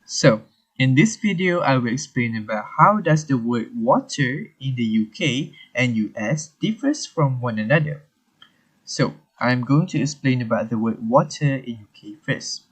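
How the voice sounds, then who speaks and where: A young man, a student presenting a screen-recorded software tutorial in a halting manner. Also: mid-range voice, lively intonation, husky. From Malaysia. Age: young adult. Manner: unhurried, halting, talks through on-screen steps.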